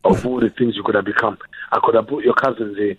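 A man's voice: on the low side, steady tone, quick pace, husky, lo-fi sound, pitched below the performer's own voice. Man doing a stern dramatic African dad. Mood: disapproving. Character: stern middle-aged male African father, dramatic.

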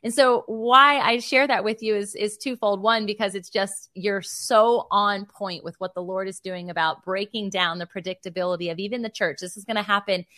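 A woman in her thirties hosting a faith podcast, telling a personal story in an animated, emotional way. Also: mid-range voice, normal speed, hardly any pauses, dry recording, studio quality. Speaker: podcast host. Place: Virginia Beach.

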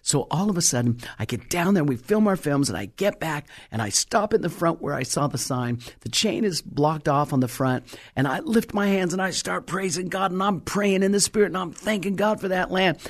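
A middle-aged woman preacher telling a story in a sermon, stressing key words slowly. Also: fairly low pitch, animated.

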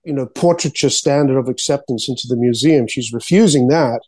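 A man, an artist and author, telling his story as an interview guest, excitedly repeating words and acting out quotes. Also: medium pitch, brisk, slightly rough, no echo.

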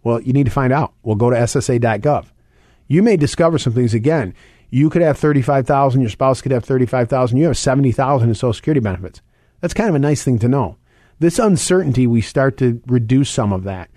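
Fast-talking middle-aged financial radio host. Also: male voice, mid-range voice, expressive, mellow, dry recording, clean studio sound. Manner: fast, conversational, repeats points and phone numbers. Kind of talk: radio talk segment.

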